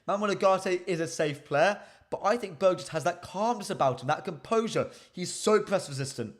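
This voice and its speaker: Energetic football presenter, man. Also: sits high, moderate pace. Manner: energetic, repeats key phrases for emphasis. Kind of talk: live-stream football chat, reading viewer comments.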